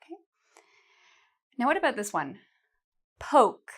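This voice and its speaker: Slow, patient woman teaching pronunciation. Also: fairly high pitch, expressive, a bit bright. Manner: patient, slow, models sounds with exaggerated mouth shapes. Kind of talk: on-camera English pronunciation lesson.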